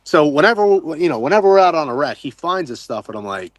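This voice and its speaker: A man telling an excitable diving story, swearing casually and acting out what he said at the time. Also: fairly high pitch, fast talker, no room sound. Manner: excitable, swears casually, acts out his own quotes. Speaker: wreck diver guest. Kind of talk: animated storytelling.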